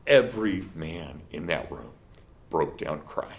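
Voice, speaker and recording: A man's voice: rumbling low, lively intonation, slow, background noise. A middle-aged man, a college professor, giving an earnest classroom lecture and telling a story with feeling, his voice at times cracking with emotion. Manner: earnest storytelling, breaks into laughs when moved.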